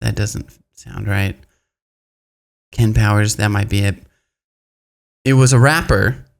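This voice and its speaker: A man hosting a casual podcast, telling stories in an animated way and restarting his sentences as he goes. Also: on the low side, slow, creaky. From Pacific Northwest, US. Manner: animated storyteller, trailing restarts. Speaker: podcast host. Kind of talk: casual chat, storytelling.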